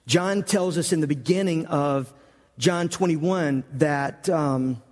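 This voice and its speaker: A man's voice: on the high side, slow, darkish tone. Man preaching in a reverberant hall. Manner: conversational storytelling, acts out quoted lines. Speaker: pastor. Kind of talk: sermon.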